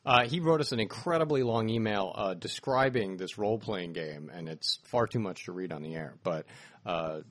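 A man chatting on a casual podcast, lively and joking with the others. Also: on the low side, moderate pace, dry recording. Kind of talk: casual chat.

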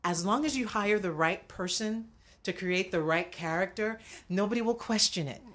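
A woman of Cuban background, an actress, telling animated stories in a casual interview, laughing often and restarting her sentences. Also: medium pitch, normal speed. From Cuban family. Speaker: actress guest.

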